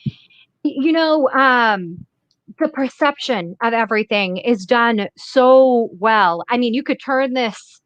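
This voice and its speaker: Cheerful massachusetts lady interviewing a guest, laughs a lot, kinda high pitched. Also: animated, slow pace, smooth, dull audio. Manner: enthusiastic, laughs often. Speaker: host. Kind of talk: casual interview chat.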